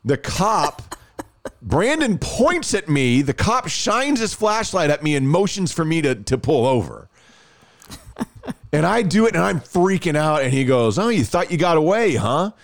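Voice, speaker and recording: A man, hosting a podcast and telling a story in a casual, animated way, laughing often and restarting phrases. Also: on the high side, unhurried, gravelly, dry recording, clean studio sound. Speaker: podcast host.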